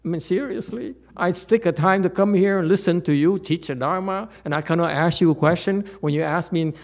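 Man, dharma talk, fairly high voice, animated, rhetorical, fillers and restarts. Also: a little fast. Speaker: Buddhist teacher.

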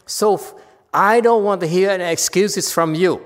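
A Chan master gives a dharma talk to his students, stern yet teasing and laughing at his own jokes. His voice sits high at a moderate pace, with the long reverb of a hall around it.

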